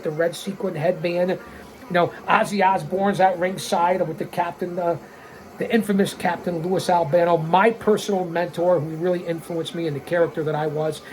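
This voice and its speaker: A man in his sixties giving excitable, blunt, profane wrestling commentary as a watch-along host, calling out mistakes. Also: on the high side. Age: 60s.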